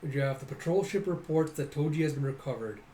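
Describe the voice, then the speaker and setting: A man's voice: on the high side, fast talker, mellow. A young man casually narrating a comic readthrough in a loose, rambling way. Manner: loose, rambling, lots of "he's like". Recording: echoey room, faint noise.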